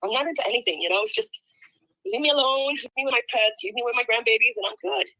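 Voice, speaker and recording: An older woman with grandchildren, venting rapidly and aggrieved in a casual call. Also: a little high, animated, sharp tone, rough recording. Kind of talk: casual chat.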